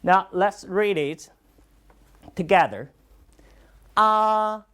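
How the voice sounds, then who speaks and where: A Chinese language teacher, a native Chinese speaker, teaching a class in English with steady praise and repetition. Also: mid-range voice. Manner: slow, encouraging, repeats lots of praise. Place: classroom with students.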